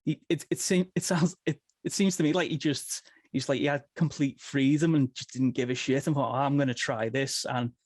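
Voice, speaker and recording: A man's voice: medium pitch, steady tone, a little fast, hardly any pauses, a little mellow, no room sound, studio quality. A man hosting a podcast interview, talking hesitantly with stammering restarts. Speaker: podcast host. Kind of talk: casual interview chat.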